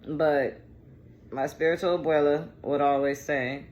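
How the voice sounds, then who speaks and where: A woman's voice: low voice, steady tone, unhurried, a little mellow, slight background noise. A woman giving a casual tarot reading, chatty and digressive, with slang and profanity. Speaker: tarot reader.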